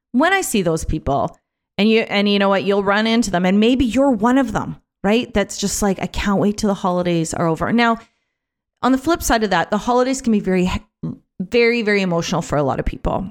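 A woman's voice: mid-range voice, normal speed. Chatty woman hosting a solo podcast. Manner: chatty, animated, many fillers and restarts; acts out other people's voices in quotes. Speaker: podcast host. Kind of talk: casual solo podcast talk.

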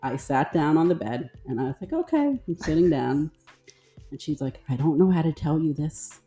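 Animated middle-aged woman, lowish mellow voice. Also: normal speed, soft background music. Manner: animated storyteller, acts out quoted voices. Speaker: podcast co-host. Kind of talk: casual chat.

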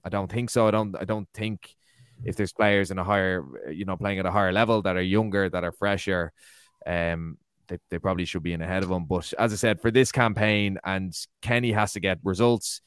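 Irish man, fairly low voice, argumentative, dry close recording, football podcast. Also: fairly even intonation, brisk, clean tone, no echo. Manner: argumentative, rhetorical questions. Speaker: podcast co-host. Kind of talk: casual football chat.

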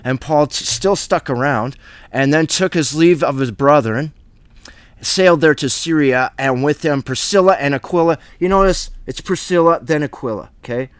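Male bible teacher, slightly high voice, close dry mic, reads scripture then breaks into chatty asides. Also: normal speed, smooth, no echo. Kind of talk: casual verse-by-verse bible study.

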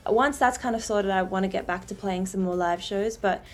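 Relaxed young woman musician on radio. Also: medium pitch, fairly quick. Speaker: musician guest. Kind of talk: radio interview chat.

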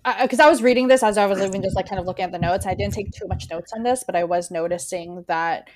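A woman from the United States co-hosting a casual astrology podcast, chatty and quick to laugh. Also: medium pitch, noisy background. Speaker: podcast co-host.

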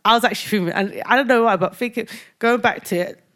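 A woman's voice: on the high side, fast talker. A young woman, co-hosting a casual podcast chat and acting out heated exchanges with rising intensity. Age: young adult. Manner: animated, acts out quoted exchanges with rising intensity. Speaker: podcast co-host.

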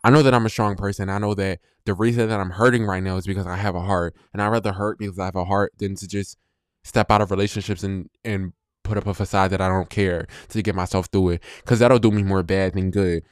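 A man hosting his own podcast, speaking bluntly and with profanity in a slow, reflective solo monologue about a breakup. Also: sits low, steady tone, clear, resonant tone, dry recording, studio quality. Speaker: podcast host.

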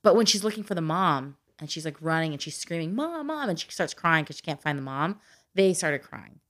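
Woman, adoptive mom, podcast host, expressive storyteller with a lively, swooping pitch. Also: brisk. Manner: animated storyteller who acts out quotes in exaggerated voices and laughs often. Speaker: adoptive mother. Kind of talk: casual chat.

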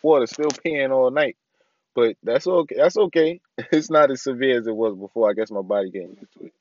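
A man's voice: medium pitch, brisk, no room sound, highs cut off. A young man hosting his own podcast, giving a casual, rambling update from inside his parked car with lots of ums. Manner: laid-back, rambling with many ums. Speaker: podcast host.

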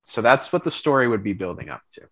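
Bright-voiced man rambling through a fantasy storyline. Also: medium pitch, quick pace, dull audio. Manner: rambling, animated storyteller, laughs often. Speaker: podcast co-host. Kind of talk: casual chat, pitching a storyline.

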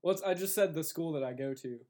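A man's voice: fairly high pitch, fast, dark tone. A young man with a Buffalo, New York accent, co-hosting a podcast in casual chat, hesitant with frequent restarts and easy laughter. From Buffalo, New York area. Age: young adult. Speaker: podcast co-host.

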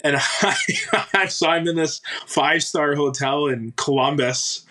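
A man in his thirties from Canada, a former hockey player telling a story in a casual interview, halting with many fillers and restarts and laughing often. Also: a little high, bright, forceful tone, rough recording.

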